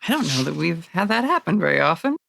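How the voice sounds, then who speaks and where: A woman acting as game master, narrating a tabletop role-playing game in a lively way and laughing often. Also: on the low side, fast, gravelly, slight background noise.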